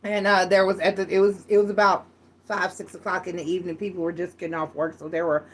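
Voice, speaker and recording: A woman's voice: on the low side, level tone, quick pace, slightly rough. A woman giving a casual, frank tarot reading, chatty and full of restarts. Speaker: tarot reader.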